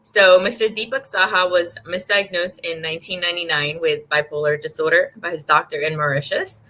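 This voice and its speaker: A bright, upbeat woman hosts a relaxed interview over a video call. She laughs often and keeps the chat light, and her voice sits a little low for a woman. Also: brisk, low-quality recording. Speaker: podcast host.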